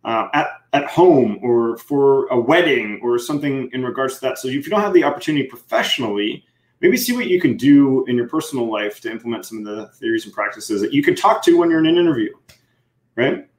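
A man's voice: mid-range voice, expressive, a little fast. A man co-hosting a podcast in casual chat, enthusiastic and loose, with lots of fillers and "right?" tags. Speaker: podcast co-host. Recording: echoey room sound.

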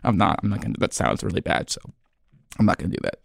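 Halting, filler-heavy man in a dry room. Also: deep voice, big pitch swings, vocal fry, no echo. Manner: earnest and self-doubting. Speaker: podcast host. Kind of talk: rambling comedic podcast monologue.

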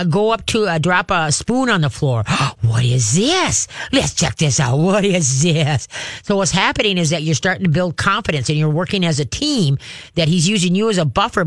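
A man hosting a call-in radio show, giving pet advice in an animated way and acting out cheerful coaching voices. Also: high-pitched, a little fast, no room sound. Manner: animated, acts out coaching voices, laughs often.

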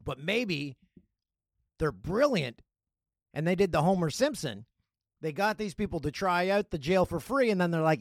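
A man hosting his own podcast, chatting casually and riffing on news stories and listener emails with a joking, animated manner. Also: high voice, normal speed, pauses often, dry recording, studio quality. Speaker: podcast host. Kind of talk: casual solo podcast chat.

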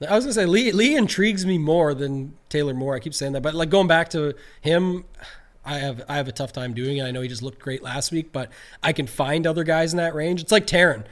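A man co-hosts a casual podcast, talking through golf betting options in a measured, analytical way. He often restarts his sentences, and his voice sits slightly high.

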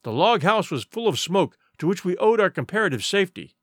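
Male narrator for an adventure audiobook; vivid and dramatic, lively pitch, dry sound. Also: fairly quick, no room sound. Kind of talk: scripted storybook narration.

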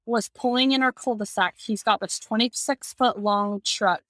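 A woman guest on a podcast who tells a story in an animated way and laughs as she talks. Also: on the high side, normal speed, no echo. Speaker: podcast guest, communications manager. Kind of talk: conversational storytelling.

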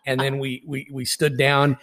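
A man's voice: medium pitch, completely flat delivery, normal speed, fairly bright tone. A man, a baseball umpire and podcast co-host, telling a story in blunt, profane, laughing casual chat.

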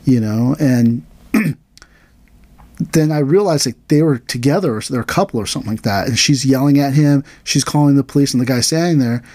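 A man's voice: medium pitch, fairly quick, no room sound. A man hosting a podcast, telling a story in a casual way and acting out the dialogue with a livelier voice. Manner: animated, acts out quoted dialogue in a raised voice. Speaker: podcast host, aikido teacher.

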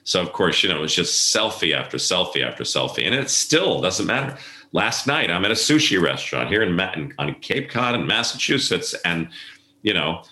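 Low, bright and forceful, the voice belongs to a middle-aged event planner telling stories in a casual interview. He performs the voices of the people he quotes, and the room is echoey.

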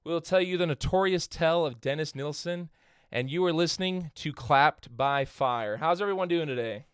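Congested, smooth-voiced male podcast host. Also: fairly high pitch, normal speed, no echo, clean studio sound. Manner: loose and chatty, with frequent fillers and restarts. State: congested from a head cold. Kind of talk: casual podcast chat.

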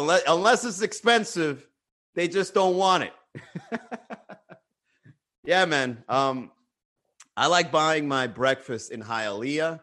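A man's voice: mid-range voice, a bit bright. Joking, profane man on a livestream. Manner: profane, joking, laughs often. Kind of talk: casual livestream chat.

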